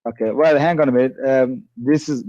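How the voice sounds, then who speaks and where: A man debating in a soft, hesitant way, often reading passages aloud. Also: mid-range voice, fairly quick, dry recording, highs cut off. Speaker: debate caller. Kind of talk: heated debate.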